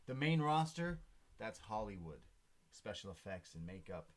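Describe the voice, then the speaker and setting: A swaggering male wrestler , as a podcast host puts him on, brags in a put-on Irish accent. The voice rides higher and louder than the man's usual low talk. The delivery is theatrical and boastful. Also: big pitch swings, moderate pace.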